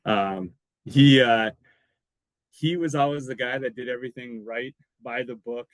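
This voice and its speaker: Relaxed man telling stories, dry sound. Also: mid-range voice, unhurried, dry recording, rough recording. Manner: relaxed, rambling, laughs between anecdotes. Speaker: podcast guest, former college football lineman. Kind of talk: casual storytelling.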